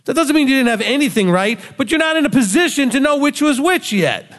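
High-voiced preaching man, hall reverb. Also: expressive, brisk, a bit bright. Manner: emphatic, rhetorical questions, acts out quoted voices. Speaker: rabbi. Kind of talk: sermon.

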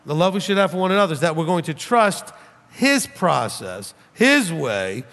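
A man's voice: fairly high pitch, big pitch swings, normal speed, fairly bright tone. A man, a rabbi, giving a sermon with emphatic rhetorical questions and mocking imitations of his critics. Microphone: preaching without notes, standing. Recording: long hall reverb.

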